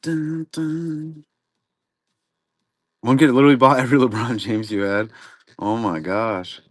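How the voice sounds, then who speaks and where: This card-break livestream host talks fairly quickly in a lowish voice. He chats casually while running the stream, rambling in a relaxed manner and swearing now and then.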